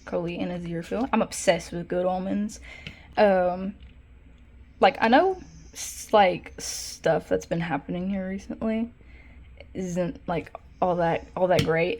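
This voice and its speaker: An art vlogger, a young woman with a fairly low-pitched voice, gives a casual tour of her sketchbook. She rambles with lots of fillers and self-corrections, then bursts into excitement over her favorite drawings.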